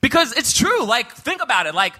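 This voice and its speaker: A man co-hosting a live movie review podcast, excitable and jokey, often talking over the others. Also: very high voice, a little fast. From Texas. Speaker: podcast co-host. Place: live show venue with audience.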